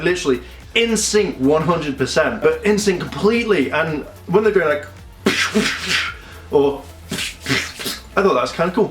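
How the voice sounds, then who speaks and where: Animated young man reviewing. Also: a little high. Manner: animated, acts out scenes in quick voices. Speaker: video reviewer. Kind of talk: casual review chat. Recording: echoey room with faint music.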